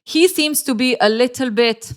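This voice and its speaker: A woman with a high voice, speaking at normal speed, gives casual relationship commentary for a video. She's sarcastic and teasing, laughing often and tossing in playful asides.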